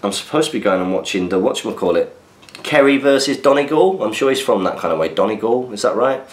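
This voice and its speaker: Male podcast host, chatty and easygoing, deeper voice, answers listener mail, echoey room sound. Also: lively intonation, fast. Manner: chatty, reads listener messages aloud with asides. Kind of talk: casual chat. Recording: roomy echo.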